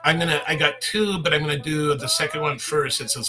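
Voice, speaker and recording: Bright-voiced chatty man teaching. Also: on the high side, fairly even intonation, fast, few pauses, low-quality recording. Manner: chatty, rambling, with restarts and chuckles. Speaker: Japanese language teacher and livestream host. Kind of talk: casual livestream Q&A lesson.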